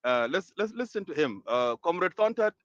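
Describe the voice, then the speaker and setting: A man from Sudan, moderating an online audio-room discussion in a measured, hesitant way with many pauses and fillers. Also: fairly high pitch, big pitch swings, fairly bright tone, dry recording, dull audio. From South Sudan.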